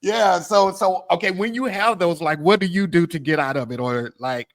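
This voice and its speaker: A man hosting a podcast who asks questions in a relaxed, casual way and often says "like" and "yeah". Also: sits high, normal speed, creaky. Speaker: podcast host. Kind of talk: casual interview.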